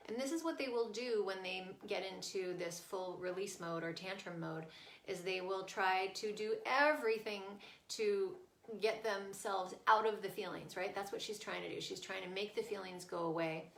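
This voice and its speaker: In an echoey room, a woman parenting coach explains earnestly and casually how to stay with a child through a tantrum, checking in with "right?" as she teaches. Her mid-range voice is gravelly yet fairly bright, moving at a normal speed.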